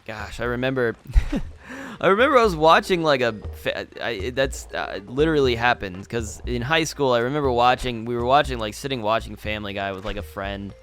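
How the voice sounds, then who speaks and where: Young male let's-play host, middle-range pitch, loose and meandering delivery, soft music bed behind. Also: lively intonation, moderate pace. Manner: rambling and meandering. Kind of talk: casual gameplay commentary.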